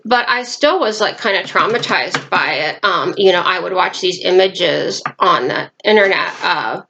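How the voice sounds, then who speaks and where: A Nebraska woman rambles through a personal vlog in her small apartment, now and then breaking off mid-sentence to talk to her pets. Her voice is lowish, a little slow, and creaky, with background noise behind it.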